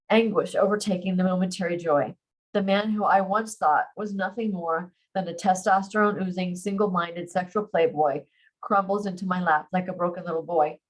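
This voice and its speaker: A woman who writes romance, reading her own novel aloud in first person with expressive emotion and a chatty sign-off. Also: on the low side, rough recording. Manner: expressive, emotional, slows on heavy lines.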